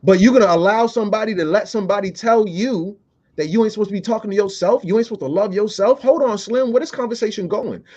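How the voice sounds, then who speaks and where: A man's voice: high voice, fast, a little mellow, muffled recording. A man hosting a podcast, delivering a playful, profane comedic monologue full of fillers. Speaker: podcast host.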